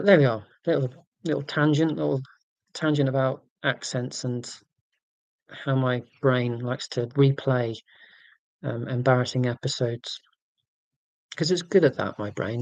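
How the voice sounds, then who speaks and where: A man's voice: medium pitch, dry recording. A man, hosting a casual livestream and rambling self-deprecatingly through tangents. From United Kingdom. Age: 40s. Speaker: livestream host.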